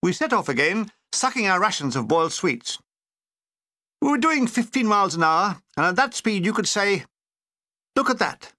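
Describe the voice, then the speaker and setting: Brief: older male author-narrator, bright lively voice, dry comic timing, close dry recording. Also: high voice, moderate pace, dry recording. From Britain. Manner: comic, dry, animated delivery. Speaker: author reading his own memoir. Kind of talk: audiobook narration with character voices.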